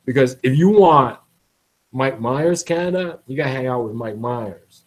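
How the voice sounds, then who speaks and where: A man talks in a loose, rambling monologue for his blog, his voice sitting at an ordinary mid pitch. He circles back, repeats words and restarts phrases, with little chuckles dropped between them. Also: lively intonation, moderate pace, low-quality recording. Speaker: blogger.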